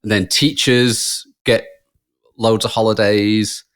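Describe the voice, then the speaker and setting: A man's voice: on the low side, level tone, slow, a bit bright, clean tone. A man co-hosting a podcast, telling rambling stories in casual chat and laughing often. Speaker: podcast co-host.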